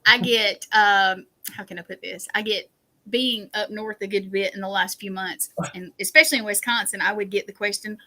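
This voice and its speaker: A woman's voice: medium pitch, fairly even intonation, normal speed, sharp tone, low-quality recording. A woman from South Carolina with a Southern accent, chatting and laughing as a guest on an interview show. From South Carolina, USA. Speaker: podcast guest. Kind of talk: casual interview chat.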